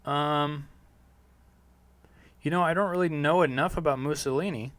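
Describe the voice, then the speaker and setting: A man's voice: on the high side, moderate pace, fairly bright tone, no room sound. A man hosting a podcast, answering listener questions in a loose monologue that is profane and full of fillers. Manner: rambling, profane, heavy on fillers. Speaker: podcast host.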